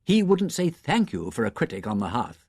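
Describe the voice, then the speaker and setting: A man voicing a sharp, caustic middle-aged woman don who speaks in a tart, emphatic way. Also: mid-range voice, huge pitch swings, normal speed, breathy edge, no room sound, studio quality, heavily acted.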